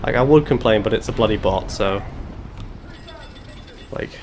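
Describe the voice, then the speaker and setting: A man's voice: lowish voice, a little slow, darkish tone, slight background noise. A man streaming a game live, chatting with his viewers in a sarcastic, self-mocking, joking way. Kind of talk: live gaming stream chat.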